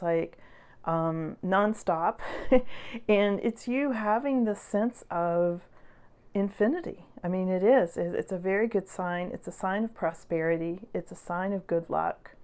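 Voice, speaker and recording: A woman's voice: lowish voice, a little slow. Chatty woman giving a tarot reading. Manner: chatty and encouraging, with many fillers and soft laughs. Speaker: tarot reader. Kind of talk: casual tarot reading to viewers.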